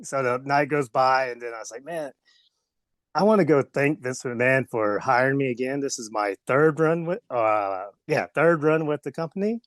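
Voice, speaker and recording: A man's voice: medium pitch, moderate pace, hardly any pauses, dry recording. A man with a slight Southern US accent, a former wrestler telling rambling stories in an interview, often laughing and acting out voices. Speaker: former pro wrestler guest. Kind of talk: casual storytelling interview.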